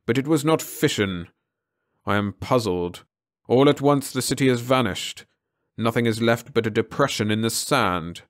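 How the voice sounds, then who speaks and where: A man voicing a stern, shrewd old alien officer in a read-along story, speaking slowly in clipped, commanding lines. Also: medium pitch, lightly acted. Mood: suspicious.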